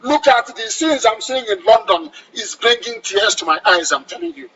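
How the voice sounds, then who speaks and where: A man's voice: extremely high pitch, very animated, moderate pace, sharp tone, husky, low-quality recording. A man with a Nigerian accent giving an impassioned radio address, commanding and fervent, repeating phrases for emphasis. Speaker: radio broadcaster.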